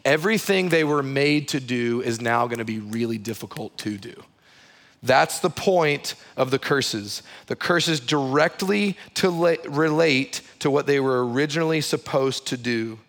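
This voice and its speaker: A man's voice: mid-range voice, lively intonation, unhurried, a bit bright. A man in his thirties, a pastor preaching in a church, talking conversationally with repeated phrases and wry humorous asides. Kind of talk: sermon.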